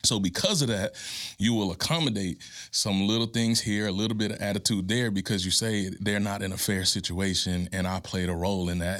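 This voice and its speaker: A man's voice: lowish voice, steady tone, a little fast, fairly bright tone. A man guest on a podcast giving candid parenting advice, earnest, building toward impassioned preaching.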